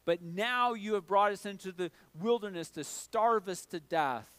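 A man's voice: sits high, moderate pace, a bit bright, clear, resonant tone, dry recording. A middle-aged man preaching a sermon in a conversational way, often checking in with "all right?". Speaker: pastor.

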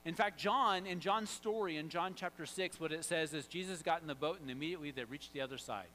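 A pastor preaching a sermon, animated, swinging from loud to hushed and quizzing the congregation. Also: male voice, a little high, fast, slight background noise, rough recording.

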